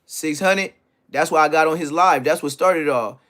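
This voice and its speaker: A man telling a story in an animated way, full of profane street slang. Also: on the high side, normal speed. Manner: profane slang, acts out others' lines.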